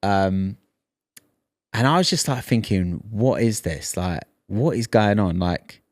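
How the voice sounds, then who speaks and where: Low, dry, animated man, casual storytelling chat, podcast co-host. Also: slow, no echo. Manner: animated storyteller, acts out quoted lines.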